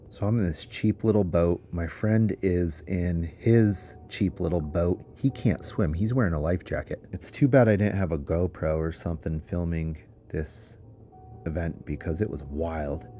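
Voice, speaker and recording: A man's voice: sits low, measured pace, mellow, slight background noise. A man casually narrating an adventure story in a chatty, giggly way, full of fillers. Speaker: underground explorer.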